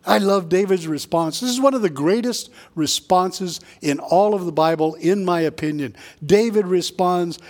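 A man preaching a sermon in a conversational way, tossing in quick asides and jokes for the congregation. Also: high voice, darkish tone. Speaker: pastor.

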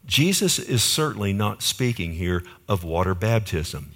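A man's voice: lowish voice, sing-song, a little slow, hardly any pauses, fairly bright tone. Conversational male preacher asking his listeners questions. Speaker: pastor. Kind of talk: sermon.

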